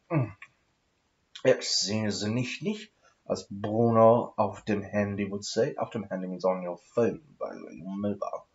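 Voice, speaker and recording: Posh english guy smoking as he rambles, swears a lot, lowish voice that swings all over, kinda dull muffled audio. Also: gravelly, fairly bright tone. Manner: profane, meandering, self-mocking asides; smoking while talking. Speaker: vlogger. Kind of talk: rambling monologue to camera.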